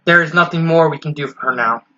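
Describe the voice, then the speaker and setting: Stern regal pony princess, formal speech, read by a man, bright tone, slightly muffled. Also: a little high, fast. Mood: grave.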